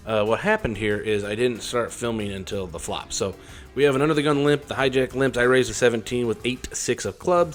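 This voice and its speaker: A man casually talking through his poker hands as a vlogger, in a rambling, wry and self-deprecating way. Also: medium pitch. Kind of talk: casual poker hand commentary.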